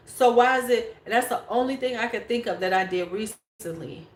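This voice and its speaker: A woman's voice: fairly high pitch, animated, moderate pace, hardly any pauses, a little hiss or hum. Blunt, cussing woman livestream host. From United States. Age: 40s. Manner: blunt, swears freely, talks straight to chat viewers. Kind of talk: casual livestream chat. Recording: echoey room.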